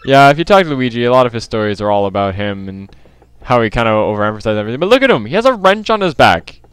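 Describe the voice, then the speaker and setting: A man's voice: mid-range voice, sing-song, fast talker, a bit bright, smooth, dry recording. A young man in casual let's play commentary, chatty and muttering at the game as he plays.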